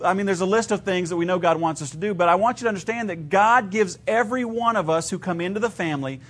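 A man's voice: high-pitched, fairly bright tone. A man in his thirties, from Ohio, preaching a sermon in a conversational, storytelling way with shifting emphasis. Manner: conversational storytelling preacher, varied emphasis, laughs at own stories. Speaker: pastor.

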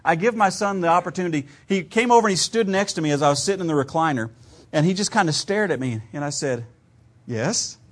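Guy preaching a sermon, chatty storytelling style, kinda high voice, from ohio. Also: expressive, fast talker. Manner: conversational storytelling preacher, varied emphasis, laughs at own stories. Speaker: pastor.

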